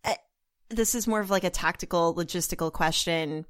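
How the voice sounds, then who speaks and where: A woman's voice: lowish voice, fairly quick, no room sound, studio quality. A woman hosting a podcast interview, asking questions in a friendly way. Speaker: podcast host.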